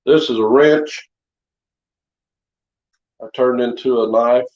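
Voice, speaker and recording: A man's voice: medium pitch, fairly even intonation, takes it slowly, a little mellow. A man chatting casually in his home workshop, showing knives he forged, in a rambling, down-to-earth way. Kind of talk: casual show-and-tell chat. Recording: slightly dull lo-fi sound.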